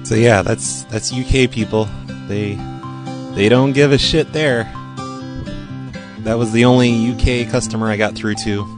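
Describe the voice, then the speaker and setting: A man's voice: medium pitch, steady tone, a little slow, over music. An American man hosting a phone prank show, talking in a laid-back, rambling way. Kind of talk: casual radio show talk.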